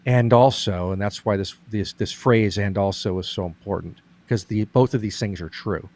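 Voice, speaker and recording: A man's voice: fairly low pitch, normal speed, a little mellow. A middle-aged man in casual conversation, earnestly explaining a point with many restarts.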